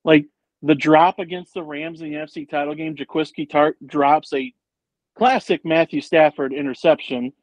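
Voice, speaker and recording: A man co-hosting a casual sports podcast, rambling and animated, with lots of fillers and the odd curse. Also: on the high side, normal speed, dry recording, poor audio. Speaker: podcast co-host.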